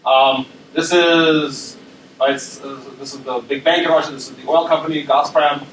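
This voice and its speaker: A man's voice: on the high side, fairly even intonation, moderate pace, fairly bright tone, slight background noise. Man lecturing from far back in an echoey room. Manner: conversational, many ums and tag questions. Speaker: university lecturer. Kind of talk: academic presentation. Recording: roomy echo, speaker far from mic.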